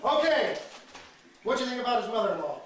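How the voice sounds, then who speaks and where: A man doing live stand-up comedy, teasing audience members in loud banter. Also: very high voice, big pitch swings, fast. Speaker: stand-up comedian hosting a crowd game. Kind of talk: live stand-up with crowd work. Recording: echoey room, far mic, crowd noise.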